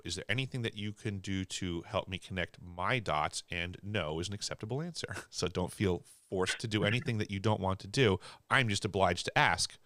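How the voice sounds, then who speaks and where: Host guy w/ faded long island accent, real deep voice, bright and dry, asks earnest self-deprecating questions. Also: no room sound. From Long Island, New York. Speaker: podcast host. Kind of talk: casual interview chat.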